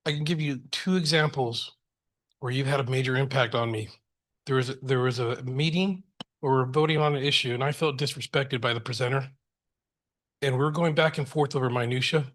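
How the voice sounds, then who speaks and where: Middle-aged man, school board trustee, earnest, heartfelt, halting restarts, middle-pitched voice. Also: fairly even intonation, fairly bright tone. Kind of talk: board meeting remarks.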